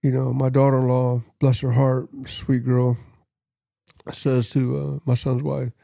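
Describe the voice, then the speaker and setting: An older man with a gravelly, dark voice tells his life story in an earnest, plain-spoken way, now and then putting on the voices of people he quotes. The sound is dry and close, with no room echo. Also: mid-range voice, monotone, unhurried. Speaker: guest.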